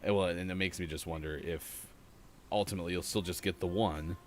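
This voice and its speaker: A man co-hosting a gaming morning show, talking in a relaxed, wry way that often trails off. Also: low-pitched, brisk, a little hiss or hum. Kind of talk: casual morning show banter.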